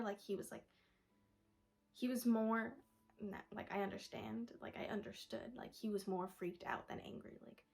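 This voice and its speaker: Young woman, vlogger, gravelly fry, soft and often whispery, rambling personal storytelling. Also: medium pitch, fairly even intonation, moderate pace. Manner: rambling, full of "like" and "da, da, da".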